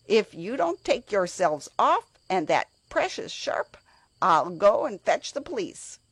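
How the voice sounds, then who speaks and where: A woman voicing a household cook shouting threats from a window in a storybook reading. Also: mid-range voice, sing-song, a little slow, slightly rough, no room sound, pitched above the performer's own voice, heavily acted. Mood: threatening.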